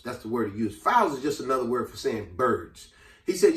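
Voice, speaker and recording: Animated storytelling man, echoey room. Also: on the high side, moderate pace. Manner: animated storyteller acting out characters' voices. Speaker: host. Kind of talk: casual storytelling and advice. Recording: echoey room, mic at a distance.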